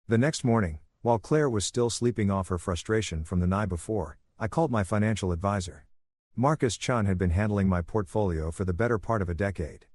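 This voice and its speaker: A man giving a calm, soothing scripted first-person narration of a story. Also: on the low side, brisk, no room sound. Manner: calm, even, soothing delivery.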